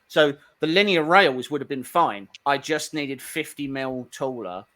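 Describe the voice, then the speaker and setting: A man with a bright, forward voice, telling stories in a lively way and tripping over his own restarts in a relaxed chat. His pitch sits in an ordinary middle range. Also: unhurried. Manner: animated storyteller, many restarts. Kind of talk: casual chat on a live stream.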